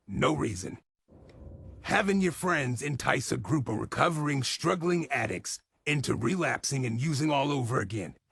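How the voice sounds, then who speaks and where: A man's voice: a little high, gravelly, fairly bright tone, slightly rough, no room sound, clean studio sound. A man giving profane comedic commentary, swearing constantly in an exasperated rant at a character's mistakes. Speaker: show commentator.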